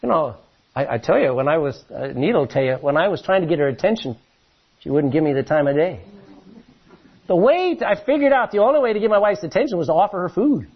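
A man preaching a sermon as pastor, telling stories in an animated way with many restarts, his voice a little husky. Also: a little high, fast talker, highs cut off.

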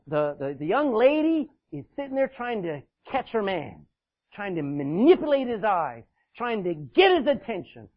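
Male pastor, high and lively voice, husky, dull lo-fi recording. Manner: animated, swings from loud emphasis to hushed asides. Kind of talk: sermon. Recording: dull, lo-fi sound.

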